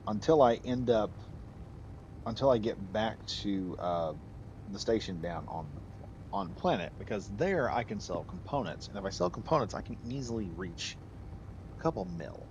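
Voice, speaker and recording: A man's voice: fairly low pitch, animated, normal speed, long pauses, darkish tone, a little hiss or hum. A man streaming a game, chatting casually and rambling off on tangents with frequent laughs. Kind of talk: casual live gameplay commentary.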